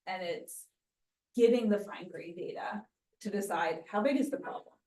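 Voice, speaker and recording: A woman's voice: mid-range voice, mellow, distant mic. Woman explaining policy from across an echoey room. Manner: measured, explanatory. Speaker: city staff presenter. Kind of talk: explaining policy at public meeting. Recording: echoey meeting room, speaker away from mic.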